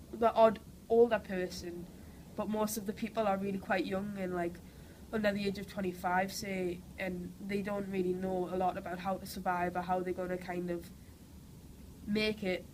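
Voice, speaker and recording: Her voice is mid-range and a little mellow, her delivery flat, her pace moderate: a young Geordie actress from Newcastle, England, nursing a cold. She answers interview questions casually and eagerly, leaning on "like" and "you know," over poor audio with slight background noise.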